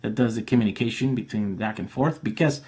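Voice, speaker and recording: Rambling low-voiced man on a live stream. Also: brisk, a little mellow, husky. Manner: loose and rambling, many fillers and restarts. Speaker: live stream host answering viewer questions. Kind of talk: casual live Q&A chat.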